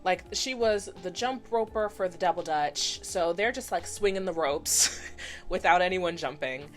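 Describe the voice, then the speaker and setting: A woman in her twenties giving a chatty, animated recap of a cartoon episode, slipping into voices for the characters. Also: fairly low pitch, unhurried, faint music behind. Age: 20s. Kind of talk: casual commentary recap.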